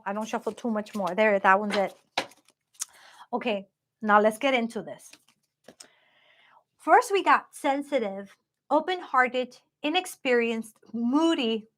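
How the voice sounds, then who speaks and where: A woman's voice: on the high side, fairly bright tone, slight background noise. A woman giving a live-streamed tarot reading in a chatty, upbeat way, talking straight to her viewers. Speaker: tarot card reader.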